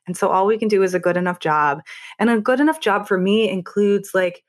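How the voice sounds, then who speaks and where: A woman in her thirties, a podcast guest, talking earnestly and reassuringly in an interview, with quick asides and restarts. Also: medium pitch. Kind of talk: conversational interview.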